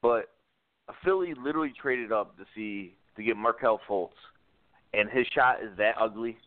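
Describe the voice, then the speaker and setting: A man's voice: on the low side, normal speed, dry recording. Blunt man on a tinny call line. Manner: blunt, emphatic opinions. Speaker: podcast co-host. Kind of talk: casual sports chat. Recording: phone-like dry line.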